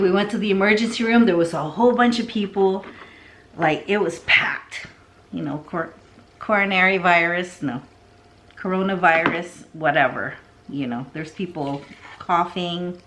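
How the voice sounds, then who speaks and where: Middle-aged lady chatting slow and rambly while she potters with plants, lowish voice. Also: a little hiss or hum. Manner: chatty, rambling, drops to soft asides. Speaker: succulent vlogger. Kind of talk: casual storytelling while arranging plants.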